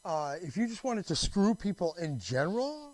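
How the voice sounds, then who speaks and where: A man's voice: sits high, big pitch swings, moderate pace, a little mellow, dry recording, low-quality recording. A man from Canada talking in a rambling, restless monologue, full of restarts, fillers and swearing. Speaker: vlogger.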